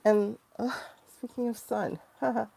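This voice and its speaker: A woman's voice: a little high, steady tone, takes it slowly, creaky, dark tone, slight background noise. A woman in her forties hosting a livestream, chatting loosely and emotionally while reading tarot cards and answering viewer comments. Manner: chatty, rambling and emotional, reacting to chat comments. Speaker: tarot reader and livestream host.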